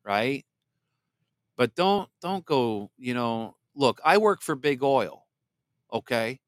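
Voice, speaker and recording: A man hosting a political commentary podcast, blunt and sarcastic, reading viewer comments aloud and sometimes mocking others in a shrill put-on voice. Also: big pitch swings, slow pace, no echo, clean studio sound. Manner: blunt and sarcastic, mocks voices in exaggerated falsetto. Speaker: podcast host.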